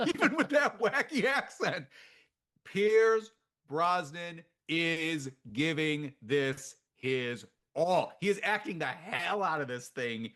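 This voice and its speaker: A man co-hosting a film podcast, his voice swinging up and down with lots of movement. His pitch sits a little high for a man. He chats casually and pokes fun at himself, often breaking into laughter. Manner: animated, self-deprecating, laughs often. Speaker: podcast co-host.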